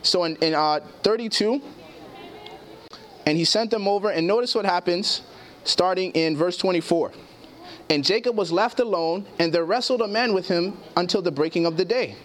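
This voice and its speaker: This preacher speaks at an ordinary pace in a high voice. During his sermon he poses questions to the congregation and reads passages of scripture aloud.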